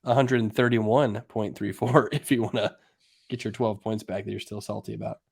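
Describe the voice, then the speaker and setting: A man's voice: fairly low pitch, steady tone, moderate pace, creaky, a little mellow, slightly rough. A man co-hosting a casual podcast, quizzing and teasing his co-host in an upbeat way. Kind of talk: casual chat.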